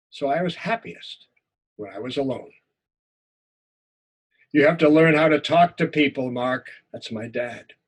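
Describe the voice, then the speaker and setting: A man with a husky, slightly high voice teaches a writing class and reads his own story aloud. He reads with feeling, repeating words as tension rises. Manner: expressive reading, repeats words in tense moments. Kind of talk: lecture and reading a memoir story aloud.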